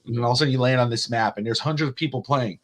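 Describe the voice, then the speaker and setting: A man co-hosting a sports podcast, telling stories in a loose, animated way and swearing freely. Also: medium pitch, rapid-fire. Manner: animated, profane storyteller. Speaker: podcast co-host. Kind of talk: casual sports chat.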